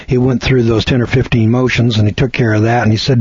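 A man's voice: mid-range voice, flat delivery, quick pace, a little mellow, husky, dry recording. A man giving a seminar lecture, telling a story in a folksy, colloquial, emphatic way, on a dull lo-fi recording. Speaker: seminar speaker.

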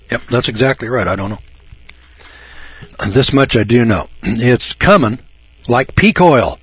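A man's voice: medium pitch, moderate pace, husky, dry recording. An older American man hosting a radio talk show, talking in a folksy, emphatic way and repeating words as he builds his points. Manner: folksy, emphatic, repeats himself, mocks callers in a raised voice. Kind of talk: casual radio monologue. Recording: dull lo-fi dry radio sound.

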